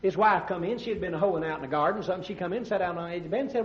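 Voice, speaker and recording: High-pitched and racing, this Alabama-accented man is a pastor and comedian spinning folksy, funny tales with drawled asides. The sound comes from a roomy, dull old comedy record.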